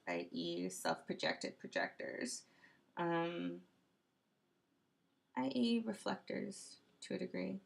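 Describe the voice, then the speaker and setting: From her room at home, a woman records a casual late-night vlog monologue on a computer webcam. Her voice is lowish, creaky, and slightly bright, and she rambles, questions herself, and laughs often.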